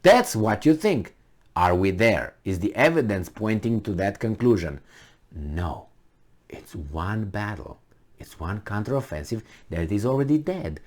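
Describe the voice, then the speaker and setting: A man's voice: lowish voice, expressive, a little slow, a little mellow. A man giving opinionated solo commentary in a vlog, sarcastic and incredulous, firing off rhetorical questions. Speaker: vlogger.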